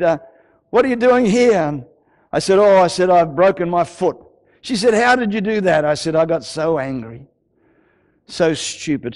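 An older male pastor preaches in a raised, slightly high voice, telling a story from his own life. He drives points home by repeating words and trips over himself in his eagerness. His delivery swings between rising intensity and quiet, earnest appeals. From Australia. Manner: impassioned, repeats words for emphasis, stammers. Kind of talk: sermon. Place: church.

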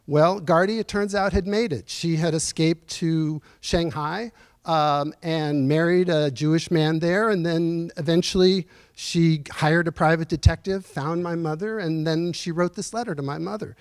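Man in his sixties, fairly high voice, earnest reflective storyteller, halting pauses, dry close sound. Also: fairly even intonation, clean tone, no echo. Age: 60s. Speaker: guest speaker at a lecture series. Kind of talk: personal storytelling lecture. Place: university auditorium.

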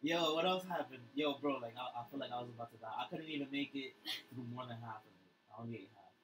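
A man live-streaming a video game from home, chatting casually with his viewers in an excitable, slangy way and swearing freely. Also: mid-range voice, fast talker, faint music behind, low-quality recording. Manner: excitable and slangy, often saying "yo, bro" and swearing. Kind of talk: casual live-stream chat while gaming.

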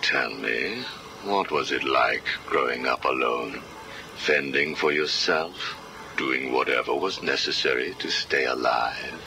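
An actor playing a cold, calculating villain psychiatrist who questions his prisoner in a slow, measured, coolly menacing way. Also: extremely low pitch, gravelly, noisy background, full character voice. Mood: menacing calm. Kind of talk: video game cutscene acting. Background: background music.

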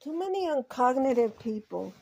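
A woman's voice: sits high, sing-song, normal speed, creaky, warm tone, a little hiss or hum. A woman vlogging casually at home, muttering anxiously to herself, calling to her pets and slipping into Spanish phrases. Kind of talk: casual home vlog talk.

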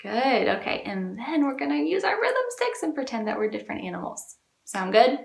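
A woman children's librarian leading a storytime, talking to young children in an animated, sing-song way. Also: sits high, brisk, gravelly, very noisy. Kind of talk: children's storytime reading and singing. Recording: echoey room.

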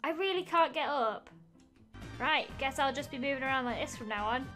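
A woman's voice: sits high, a little fast, sharp tone, faint music behind. A young woman giving giggly, exclamation-filled let's-play commentary as a gaming YouTuber, talking to the game as she plays.

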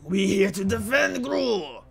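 A man voicing goblin soldiers who yell crude, broken-grammar orders in a high, strained voice. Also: big pitch swings, slow, creaky, crowd noise, exaggerated voice. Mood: belligerent. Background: background music.

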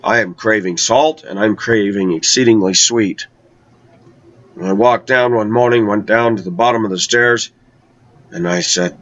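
A man with a lowish voice recounting a personal travel story in a chatty way. He stretches out words for emphasis. The recording sounds dull and lo-fi. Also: a bit bright. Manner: conversational, with slow, drawn-out emphasis.

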